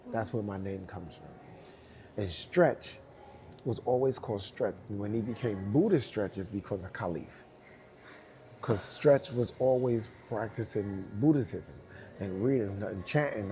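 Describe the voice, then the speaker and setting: A man's voice: on the low side, slight background noise. A man telling a story in an interview. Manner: animated, laughing often, acts out quoted voices. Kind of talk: storytelling anecdote.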